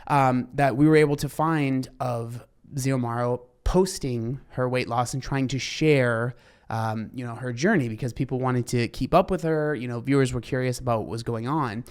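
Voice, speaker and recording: A man's voice: mid-range voice, steady tone, normal speed, clear, resonant tone. A young man hosting a casual commentary, talking in a rambling way with many fillers and restarts. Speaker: commentary host.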